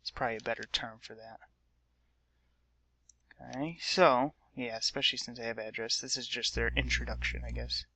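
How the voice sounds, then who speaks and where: A male high school teacher recording a computer lesson for his class while a substitute covers, upbeat and often checking in with "okay?". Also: fairly even intonation, moderate pace, pushed and bright, a little hiss or hum.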